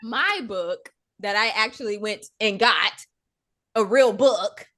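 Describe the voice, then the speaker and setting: A woman's voice: mid-range voice, slow, pushed and bright. A woman hosting a podcast in casual chat, teasing her co-hosts playfully. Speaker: podcast host.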